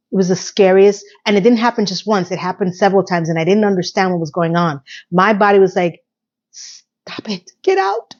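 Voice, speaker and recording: A woman's voice: fairly low pitch, dull audio. Chatty woman recapping a TV episode. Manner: animated, chatty storyteller with emphatic asides. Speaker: TV recap vlogger.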